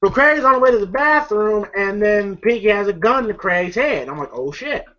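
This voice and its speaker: A man's voice: sits high, lively intonation, moderate pace, pushed and bright. Brief: man rambling through a movie recap, swearing a lot, lo-fi sound. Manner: rambling, profane, lots of fillers. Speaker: movie reviewer. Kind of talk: casual movie review vlog. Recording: dull lo-fi recording.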